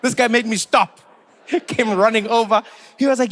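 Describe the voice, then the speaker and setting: A man's voice: very high voice, steady tone, moderate pace, fairly bright tone. A man with a South African accent doing stand-up comedy, telling a story conversationally with frequent asides.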